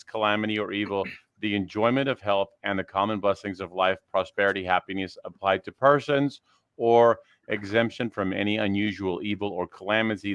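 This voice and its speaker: A man co-hosting who reads dictionary entries aloud in a hesitant, halting way. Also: fairly low pitch, a bit bright, clear, resonant tone, no room sound. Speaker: co-host.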